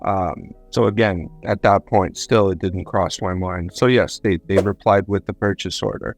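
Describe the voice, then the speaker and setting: Low-voiced man recounting a story. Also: fairly even intonation, moderate pace, soft background music. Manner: rambling, self-correcting, repeats words. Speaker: guest, government contractor. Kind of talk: conversational storytelling.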